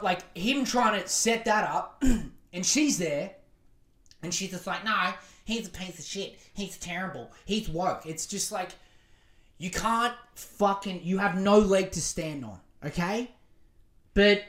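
A man hosting a podcast. He rants with heavy swearing and sarcasm. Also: on the high side. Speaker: podcast host. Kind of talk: profane ranting commentary.

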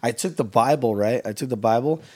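A man's voice: mid-range voice, fairly quick. A man, a barber hosting a podcast, telling a story in casual chat and acting out the voices in it. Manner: animated, acts out the voices in his story.

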